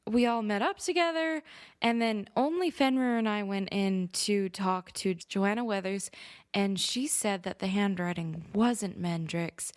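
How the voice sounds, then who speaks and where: A woman player recaps the last session in a casual, hesitant way. She rambles, correcting herself as she goes. She speaks slowly, and the sound is dry and close. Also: on the low side, no room sound.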